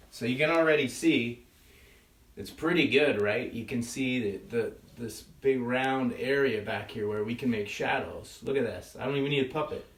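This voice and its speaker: A man teaching a children's puppetry workshop in a friendly, chatty, playful way, often checking in with "right?". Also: medium pitch. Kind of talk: children's craft tutorial. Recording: echoey room, distant mic.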